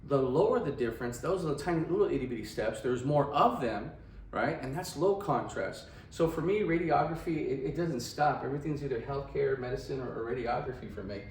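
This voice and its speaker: A man's voice: medium pitch, expressive, brisk, echoey room, recorded from a distance, slight background noise, low-quality recording. Chatty male radiography teacher. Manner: chatty, asks "right?" often. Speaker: radiography instructor. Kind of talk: casual classroom lecture.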